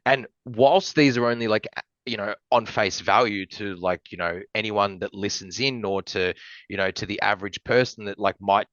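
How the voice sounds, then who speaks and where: A man's voice: lowish voice, moderate pace, fairly bright tone, dry recording, muffled recording. A man from Australia, a podcast guest in casual chat, rambling with many fillers and swearing, and getting emotional as he talks.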